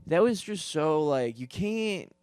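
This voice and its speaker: A man's voice: a little high, expressive, slow, a little mellow, clean tone, no echo. A young man hosting a comedy podcast, telling rambling, digressive stories full of fillers, restarts, swearing and self-deprecating asides. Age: young adult. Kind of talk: casual comedic storytelling.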